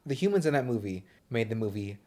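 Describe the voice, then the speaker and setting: A man's voice: on the low side, very animated, fast talker, a little mellow. Rambling, swearing young man chatting. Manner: rambling, swears often, restarts sentences. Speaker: podcast co-host. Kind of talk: casual movie chat.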